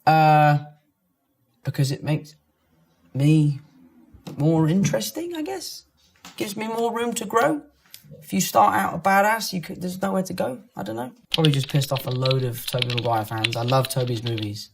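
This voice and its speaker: A man's voice: a little high, animated, moderate pace, vocal fry. A man with a London accent, chatting casually and joking as he answers fan comments about himself. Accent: London English. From London, England. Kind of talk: casual chat reacting to online comments.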